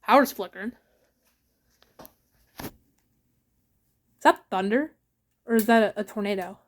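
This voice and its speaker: A woman's voice: medium pitch, slow pace. A scared woman vlogging from a home basement during a storm, anxiously asking the same questions over and over. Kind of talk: live vlog during a storm.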